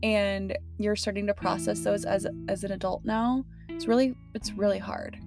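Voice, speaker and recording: A woman's voice: mid-range voice, steady tone, normal speed, vocal fry, over music. A young woman hosting her podcast from her car, talking casually and emotionally with lots of fillers. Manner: chatty, emotional, many fillers and laughs. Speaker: podcast host. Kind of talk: casual heartfelt podcast talk.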